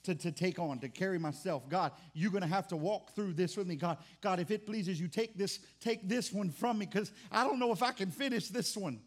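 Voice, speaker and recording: A man's voice: high-pitched, a little fast, hardly any pauses. A pastor preaching a sermon in an impassioned, conversational way, often restarting his words.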